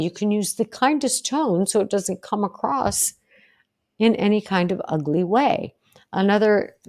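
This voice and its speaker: A middle-aged woman hosts a solo podcast from home, speaking earnestly and directly. Her voice sits a little low. She acts out short example phrases as she coaches. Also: darkish tone. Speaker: podcast host, psychologist. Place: home, deer and fence outside.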